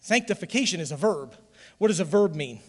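High-voiced fervent preacher in a reverberant hall. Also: male voice, animated, fairly quick. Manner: fervent preaching that swells into loud calls for the congregation to respond. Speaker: pastor. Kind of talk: sermon. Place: church.

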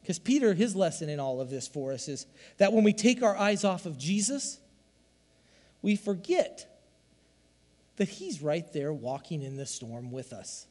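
A man preaching a sermon as a pastor, swinging from loud emphatic lines to hushed, quiet asides. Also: on the high side, very animated, a little slow, big-room sound.

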